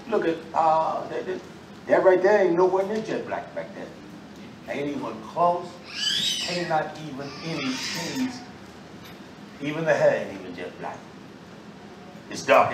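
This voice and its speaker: A man preaching a sermon to a congregation in a loose, animated street style, with sudden loud outbursts and asides. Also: a little high, a little slow, long pauses, slight background noise. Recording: roomy echo, mic far off, faint ambience.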